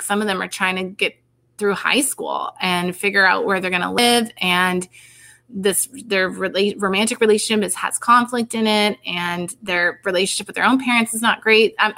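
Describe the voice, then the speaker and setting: Bright-voiced woman rambling through a conversation. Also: medium pitch, fairly even intonation, moderate pace, gravelly. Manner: rambling, many fillers and restarts. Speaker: researcher and podcast guest. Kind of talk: casual conversation.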